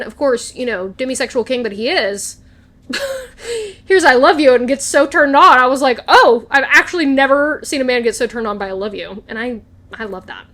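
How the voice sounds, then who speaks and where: A young woman chatting casually in a TV recap vlog, gushing and animated, laughing and swearing often. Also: high-pitched. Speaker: recap vlogger. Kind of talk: casual chat, excited TV recap.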